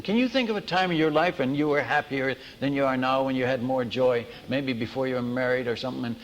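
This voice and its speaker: A man preaching as a missionary, telling stories in a lively sermon, acting out the people in them and often restarting his sentences. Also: mid-range voice, fast talker, few pauses, long reverb tail, a little hiss or hum. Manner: animated, acts out dialogue, many restarts. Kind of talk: storytelling sermon.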